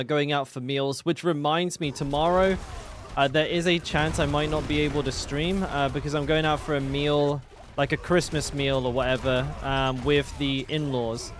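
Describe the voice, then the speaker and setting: A man's voice: a little high, steady tone, moderate pace, a little hiss or hum. A British man chatting casually with his stream chat while gaming, joking and swearing. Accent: British English. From Britain.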